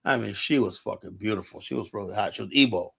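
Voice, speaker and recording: A man's voice: lowish voice, fast talker, creaky, fairly bright tone, husky. A man hosting a casual streamed talk show, telling loose, profane stories and acting out quotes. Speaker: podcast host. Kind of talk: casual storytelling chat. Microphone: remote stream call.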